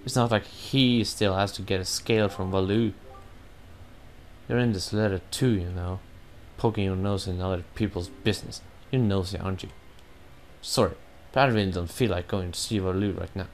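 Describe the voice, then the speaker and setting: Proud, sulky bird-boy prince from a game, read by a man, low-voiced, grumbling. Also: steady tone, normal speed, a little hiss or hum.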